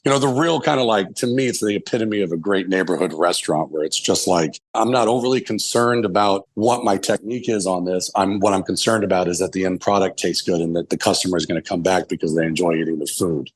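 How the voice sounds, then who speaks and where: A man's voice: low voice, quick pace, few pauses. A man in his forties, a chef guest telling long candid stories, rambling and swearing freely. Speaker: chef and restaurant owner, podcast guest. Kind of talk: casual storytelling interview.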